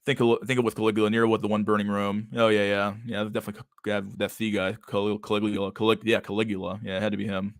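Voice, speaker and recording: A man's voice: lowish voice, little pitch movement, rapid-fire, few pauses, no room sound, studio quality. Rambling, profane young man streamer. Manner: profane, rambling, repeats words. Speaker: streamer host. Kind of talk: casual livestream commentary.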